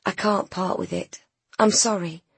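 A woman voicing a gentle, patient bookseller woman in an audiobook, soft but firm. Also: medium pitch, steady tone, measured pace, gravelly, slightly rough, dry recording, pitched above the performer's own voice. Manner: gentle, soothing.

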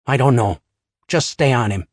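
A man voicing a gruff middle-aged woman under pressure who mutters and growls in an audiobook. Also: medium pitch, moderate pace, no echo, clean studio sound, lightly acted. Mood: irritated.

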